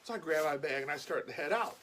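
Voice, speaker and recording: A man's voice: on the high side, quick pace, a little hiss or hum. A man casually telling an anecdote in a chatty way, acting out the dialogue as he goes. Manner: animated, chatty, full of "like" and acted-out quotes. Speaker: guest storyteller.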